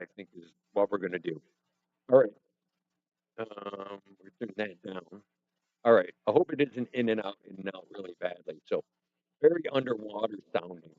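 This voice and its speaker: A man's voice: fairly low pitch, no room sound. A man hosting a casual livestream from a home studio, rambling and joking with his chat and talking to himself as he fiddles with his settings. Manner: rambling, self-deprecating, talks to chat and himself. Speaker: livestream host. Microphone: headset or desk mic with headphones. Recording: dull, muffled stream audio.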